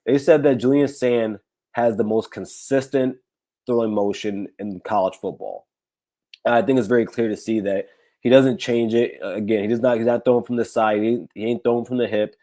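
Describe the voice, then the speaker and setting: A man with a raspy, hoarse voice hosts a casual sports talk livestream, rambling with many fillers and restarts. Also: mid-range voice, steady tone, moderate pace, dark tone. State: hoarse, recovering from illness. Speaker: podcast host.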